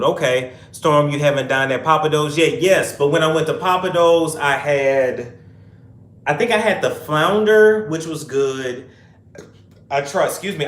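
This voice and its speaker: A young man hosting a casual livestream chat, reading viewer comments aloud and answering in rambling asides. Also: mid-range voice. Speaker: host. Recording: echoey room.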